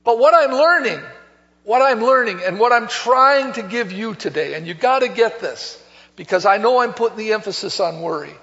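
Male pastor, high-pitched, conversational but emphatic sermon, long church echo on a dull lo-fi recording. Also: animated, normal speed, sharp tone. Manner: conversational storytelling with emphatic exhortation. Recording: long hall reverb, dull lo-fi sound.

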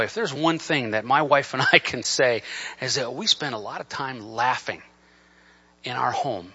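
A man's voice: lively intonation, moderate pace, husky. Fervent preacher man, lo-fi sound. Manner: emphatic, rising to near-shouts on scripture, then dropping low and conversational. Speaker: pastor. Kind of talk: sermon. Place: church sanctuary. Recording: dull lo-fi church recording.

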